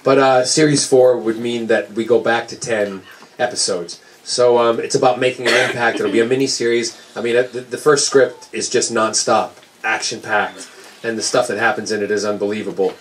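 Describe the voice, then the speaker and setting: A man with an American accent, an author answering audience questions at a book signing with joking, animated storytelling. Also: medium pitch, normal speed, slight background noise. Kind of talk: casual audience Q&A. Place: indoor book-signing event with a crowd. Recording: crowd chatter behind.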